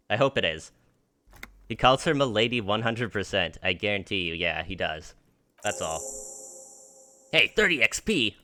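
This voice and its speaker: A man's voice: lowish voice, pushed and bright. A man streaming a game live, reading its dialogue aloud and joking, laughing and swearing in between. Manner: swears freely, laughs often, jokes while reading dialogue.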